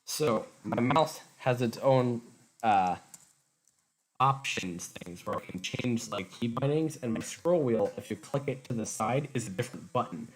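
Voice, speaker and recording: A man's voice: mid-range voice, animated, a little slow. A man streaming from home and chatting casually, joking at his own expense, his voice garbled and robotic-sounding from a faulty microphone. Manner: joking, sarcastic self-mockery. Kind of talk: casual livestream chat. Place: home room. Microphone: faulty desk microphone. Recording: noisy, glitchy home mic.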